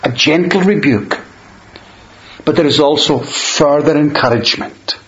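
A man preaching a sermon, measured and emphatic, slowing down on quoted verses. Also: on the high side, a bit bright, slight background noise. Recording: dull lo-fi sound in a roomy space.

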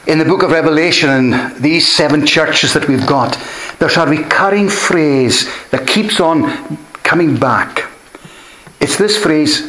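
A man's voice: fairly high pitch, expressive, measured pace, a bit bright. A man preaching a sermon, earnest and emphatic, often repeating key phrases for weight. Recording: echoey room.

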